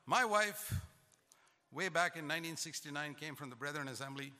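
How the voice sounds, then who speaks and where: An older man preaching a sermon, emphatic and rising in pitch to stress his points. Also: normal speed, sharp tone. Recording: long hall reverb.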